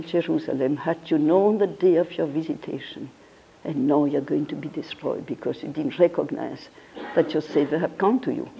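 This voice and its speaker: A woman's voice: mid-range voice, warm tone. A woman giving a religious philosophy lecture, emphatic and fond of rhetorical questions. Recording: dull lo-fi recording.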